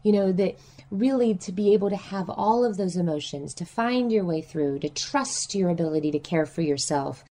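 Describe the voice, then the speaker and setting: A woman's voice: lowish voice, normal speed. A woman speaking as a counselor guest in an interview, talking reflectively and acting out her clients' voices. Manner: animated, acts out clients' voices.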